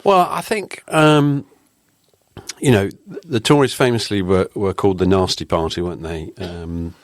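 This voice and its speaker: A middle-aged man speaks in a very deep voice, his delivery halting and full of ums and false starts. He is teasing and dry in conversation. The recording is close and dead, with no room sound. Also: no room sound. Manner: teasing, hesitant with many ums and restarts. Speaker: podcast co-host, former editor. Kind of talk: casual chat.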